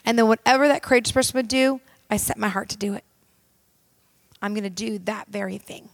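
High-voiced woman preaching emphatically. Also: brisk, vocal fry, no echo. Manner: emphatic, direct and conversational, addressing the audience. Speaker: minister. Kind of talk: sermon.

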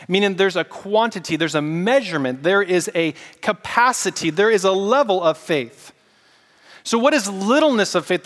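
A man preaching a casual, animated sermon and getting the congregation to repeat words back to him. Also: sits high, long reverb tail. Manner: casual, animated preaching with audience call-and-response. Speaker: pastor.

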